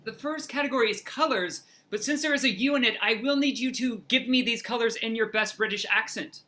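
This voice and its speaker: An energetic improv comedy referee hosting a game with playful, quick game-show patter. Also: mid-range voice, a little hiss or hum.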